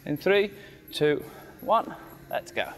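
A man's voice: fairly high pitch, lively intonation, slow, fairly bright tone. A man leading a cardiac rehab exercise circuit, giving short counted cues while slightly out of breath. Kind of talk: coaching an exercise class. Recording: faint background music.

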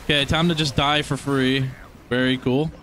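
A young man giving casual gameplay commentary as he plays, excitable, swearing often and talking to his viewers. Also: mid-range voice, moderate pace. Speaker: gaming streamer.

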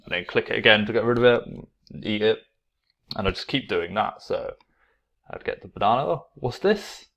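Brief: male online teacher, low voice, unhurried tutorial delivery, dull lo-fi webcam sound. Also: vocal fry. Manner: relaxed, repeats himself, acts out playful classroom exclamations.

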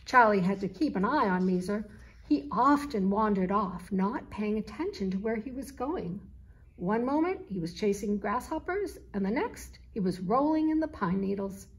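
A woman author reading her children's picture book aloud, in a slow, clear storytelling manner. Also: medium pitch, lively intonation.

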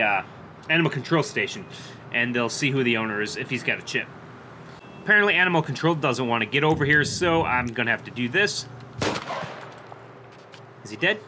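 Young guy narrating his cop game, voice a bit high and bouncy, lots of radio-style lingo, game sounds loud behind him. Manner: chatty, narrates his moves, talks to dispatch in cop lingo. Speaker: gaming YouTuber playing a police officer. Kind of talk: casual gameplay commentary with in-character radio talk. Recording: clear game noise behind the voice.

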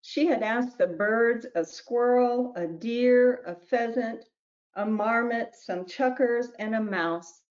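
Woman gently reading her picture book. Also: a little high, takes it slowly, dull audio. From New Mexico, US. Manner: gentle storybook narration with small slips. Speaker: children's book author.

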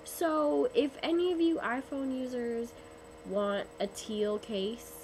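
A woman's voice: sits high, fairly even intonation, takes it slowly, noisy background. A young woman who is sick and losing her voice, chatting in a rambling, casual webcam vlog. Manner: chatty, rambling, lots of ums. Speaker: vlogger.

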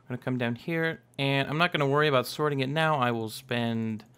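A man's voice: medium pitch, brisk, fairly bright tone, clean tone. Young male let's-player, casual and rambling, self-correcting, jokey. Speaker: gaming YouTuber. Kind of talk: casual Minecraft let's play commentary.

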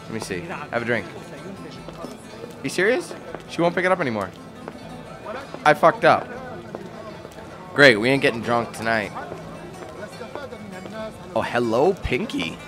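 A man's voice: medium pitch, big pitch swings, a little slow, long pauses, over music. A man giving casual, joking gameplay commentary, laughing and teasing as he plays. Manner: joking, laughing, trolling banter. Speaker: let's play commentator.

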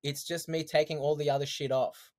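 A man, a podcast guest telling his story in casual, animated chat, laughing often. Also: on the high side, fairly quick. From Australia.

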